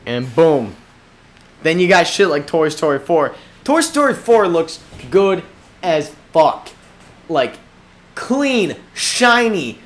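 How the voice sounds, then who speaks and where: A young man talks into a desk mic in a small room, hosting his own solo podcast. He rambles and swears constantly, his slightly high voice leaping up and down as he rants. He takes his time between bursts. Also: slow. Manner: profane, rambling, animated rants. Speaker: podcast host. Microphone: desk microphone.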